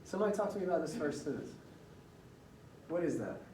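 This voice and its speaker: A man's voice: a little high, big pitch swings, fast, mellow, slight background noise. Male teacher lecturing in a roomy classroom. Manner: conversational, quizzes students with questions. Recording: roomy classroom audio from far off.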